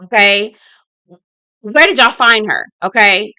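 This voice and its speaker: Woman reality-TV reviewer, sassy and blunt, swears freely, bright tone, dry close mic. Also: fairly high pitch, lively intonation, normal speed, no echo. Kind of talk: casual commentary.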